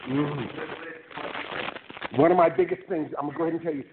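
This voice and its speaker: A man giving an animated motivational talk to a university class, joking with the audience and taking questions in a lecture room. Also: a little high, fairly quick. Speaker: guest speaker. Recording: tinny phone-like recording with noise.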